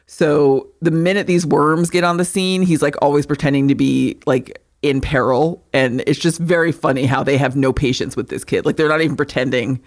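A woman co-hosting a podcast, recapping a movie in casual chat, swearing freely and animated. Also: sits low, moderate pace, few pauses. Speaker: podcast co-host.

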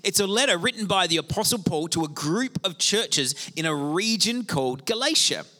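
A middle-aged male pastor preaching a sermon in an animated, conversational way with self-deprecating asides. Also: high-pitched, normal speed.

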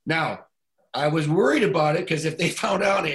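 A man's voice: a little high, normal speed, a bit bright. A man in his sixties, a former football coach, telling a story in a casual podcast chat and acting out both sides of a phone call.

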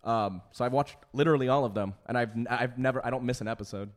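A man in his thirties co-hosting a podcast, talking in a casual, animated and profane way. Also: mid-range voice, fast talker. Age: 30s. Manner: animated, profane, jumps into mock voices. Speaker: podcast co-host. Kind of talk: casual chat.

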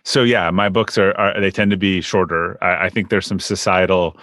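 A man's voice: sits low, normal speed, no echo, clean studio sound. A man hosting an interview podcast, speaking easily and often repeating his words as he goes. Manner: relaxed, stammers and repeats words. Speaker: podcast host.

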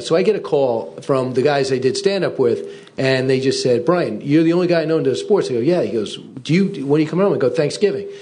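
A man hosting a casual chat, telling lively anecdotes and acting out the voices in them. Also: mid-range voice. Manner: animated anecdote teller, acts out voices. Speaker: host.

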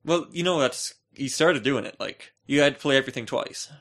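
A man's voice: mid-range voice, fairly quick, fairly bright tone. A young man co-hosting a casual podcast chat, playful and teasing. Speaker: podcast co-host.

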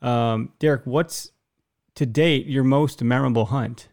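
A man's voice: medium pitch, steady tone, measured pace, vocal fry, darkish tone. A man hosting a podcast, giving blunt, profane, fired-up opinions in casual chat. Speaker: podcast host.

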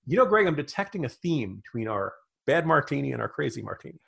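A man co-hosting a political commentary podcast, talking in an emphatic, animated way. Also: medium pitch, fast talker, vocal fry. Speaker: podcast co-host.

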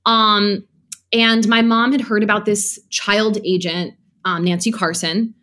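A woman talking in an animated, laughing way while she tells her own stories in an interview. Her voice sits at a middle pitch, and she keeps slipping into little voices for the people she quotes. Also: unhurried. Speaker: guest. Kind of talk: casual storytelling interview.

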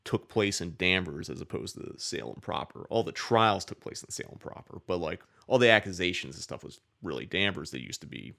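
Man, very low gravelly voice, casual rambling storyteller, swears a lot. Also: expressive, a little fast, few pauses, bright, forceful tone. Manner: rambling, profane, many "like" fillers.

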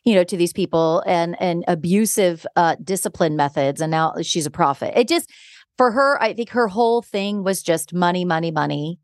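A woman hosting a podcast in casual chat, an animated storyteller who often breaks into laughter. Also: lowish voice, no echo, clean studio sound. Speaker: podcast host.

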